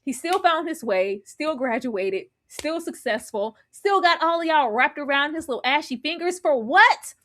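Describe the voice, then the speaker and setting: A woman's voice: sits high, animated, moderate pace, few pauses, pushed and bright. A woman hosting a live TV recap, retelling scenes animatedly with acted-out quotes and laughter. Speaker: podcast host.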